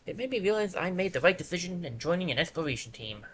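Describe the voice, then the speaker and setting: A streamer voicing a shy, eager young penguin explorer while reading game dialogue aloud, with an earnest, soft manner. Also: mid-range voice, sing-song, quick pace, a little hiss or hum. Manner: earnest, soft, a bit timid.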